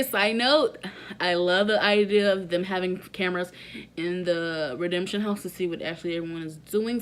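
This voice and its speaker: Brief: young woman vlogger, sassy and slangy, mid-pitched, casual reality TV recap.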